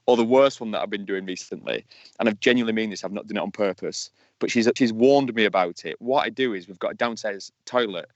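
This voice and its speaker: Co-host, rambling cheeky anecdotes, dull lo-fi phone sound, dry close audio. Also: male voice, on the low side, fast, no echo. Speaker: podcast co-host. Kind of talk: casual chat. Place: outdoors in a field, sitting on a tree stump. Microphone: mobile phone.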